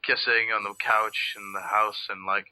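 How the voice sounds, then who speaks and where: A man's voice: on the low side, flat delivery, normal speed, pushed and bright. A man chatting casually over a video game, rambling, swearing freely and often hunting for the right word. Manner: rambling, profane, searching for words. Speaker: let's play co-host. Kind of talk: casual chat over gameplay.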